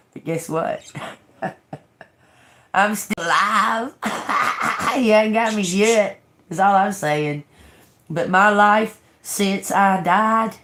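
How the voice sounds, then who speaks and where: A woman hosting a tarot livestream who tells a personal story casually. She talks frankly, swears a lot, repeats phrases and breaks into laughter often. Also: fairly low pitch. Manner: drawling, repeats herself. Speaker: tarot reader livestream host.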